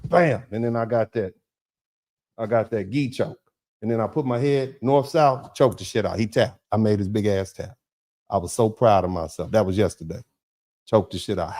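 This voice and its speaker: A middle-aged American man hosting a livestream, reading chat comments and riffing in a lively, preacherly way, acting out little dialogues. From United States. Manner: animated, preacherly, acts out dialogues; drops to low, quiet tone when telling a personal story.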